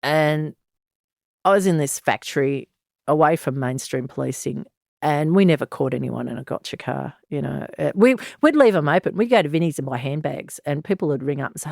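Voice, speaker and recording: Deep, gravelly Australian woman in her sixties. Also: lively intonation, fairly quick, a little mellow, no room sound, clean studio sound. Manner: frank, blunt, earthy, with sighs and laughs. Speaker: former police detective, guest. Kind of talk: candid interview storytelling.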